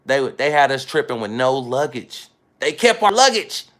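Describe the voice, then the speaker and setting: Brief: a mid-pitched man vlogging, talking off the cuff, rambling and emphatic, repeating lines for effect. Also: very animated, normal speed, fairly bright tone. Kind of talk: casual self-filmed monologue.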